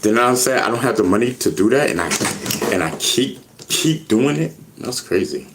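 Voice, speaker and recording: Animated rambling New man. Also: mid-range voice, moderate pace, background noise. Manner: rambling, repeats words, animated retelling. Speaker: YouTube personality. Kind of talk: casual storytelling to viewers.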